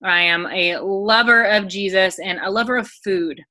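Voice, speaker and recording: A woman's voice: medium pitch, moderate pace, sharp tone. A woman in her twenties from the United States, a guest on a podcast who talks in an enthusiastic, friendly way. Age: 20s. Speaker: guest, dieting coach. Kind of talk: casual podcast interview.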